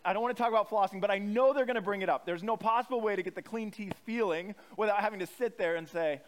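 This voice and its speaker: A man's voice: high voice, fast, few pauses. A male pastor, giving a casual, conversational sermon full of self-deprecating anecdotes.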